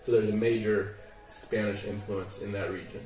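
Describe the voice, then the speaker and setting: A man from San Diego with a Western American accent, explaining things in a relaxed, friendly way as an interview guest. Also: lowish voice, normal speed, faint music behind. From San Diego, California. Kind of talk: casual interview. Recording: echoey, from a distance.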